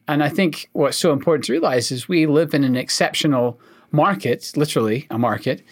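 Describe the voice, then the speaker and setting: A man from Scotland with a mild Scottish accent, an oncologist co-hosting a casual podcast, explaining things in a measured way with dry humor. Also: on the high side. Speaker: co-host, oncologist.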